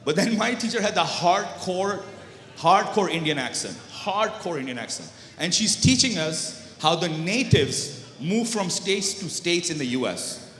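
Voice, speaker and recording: A man's voice: sits high, big pitch swings, a little slow, fairly bright tone. A man from Pakistan doing stand-up comedy, bantering with the crowd and slipping between English and Urdu. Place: large banquet hall. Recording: echoey banquet hall with long reverb.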